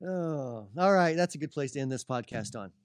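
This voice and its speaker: A man's voice: fairly high pitch, lively intonation, normal speed, smooth, dry recording, clean studio sound. A man from Indiana with a slight drawl, co-hosting a casual podcast chat, joking and laughing often. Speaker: podcast co-host.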